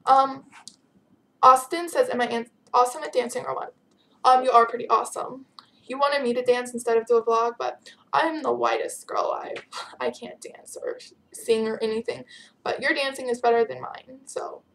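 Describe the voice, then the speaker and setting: A woman's voice: a little high, fairly even intonation, moderate pace, creaky, fairly bright tone. A teenage girl chatting casually as she answers viewer questions in her vlog, giggly and bubbly, sounding tired. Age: teens. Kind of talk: casual chat.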